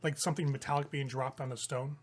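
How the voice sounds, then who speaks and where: A man's voice: mid-range voice, little pitch movement, fast talker. A man running a tabletop game as game master, describing scenes casually and loosely.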